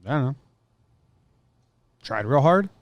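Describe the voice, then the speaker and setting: A man's voice: fairly high pitch, big pitch swings, takes it slowly, dry recording. Blunt, joking male podcast co-host. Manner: blunt, joking, acts out little scenes. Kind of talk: casual chat.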